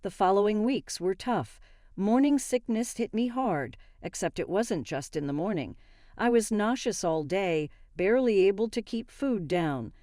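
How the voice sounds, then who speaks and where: A woman reading a first-person story in an even, steady narration. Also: medium pitch, unhurried, dry recording, studio quality.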